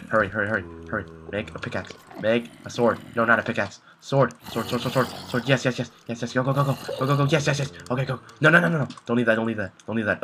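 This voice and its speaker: A man's voice: fairly low pitch, background noise. A young man commentating his own video game play, panicky and talking to himself, repeating words in frantic bursts. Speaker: gameplay commentator. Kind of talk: live gameplay commentary.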